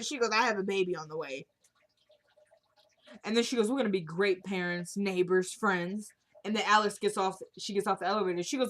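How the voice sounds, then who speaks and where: A woman casually retelling a TV episode scene by scene, quoting the characters in an animated, chatty way. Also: mid-range voice, brisk. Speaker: TV episode recapper. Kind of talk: casual episode recap vlog.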